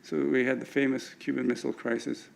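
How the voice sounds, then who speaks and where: A man's voice: medium pitch, little pitch movement, brisk, vocal fry, poor audio. An older man giving an anecdotal lecture with slides at an alumni event, often stumbling and restarting his words.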